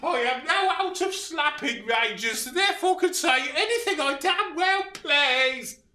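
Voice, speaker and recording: A man's voice: very high voice, animated, measured pace, pushed and bright, exaggerated voice. A man playing a pompous, patronizing politician who sneers sarcastically and ends lines with "mate". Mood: smug. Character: smug pompous male left-wing politician, patronizing. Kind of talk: comedy sketch.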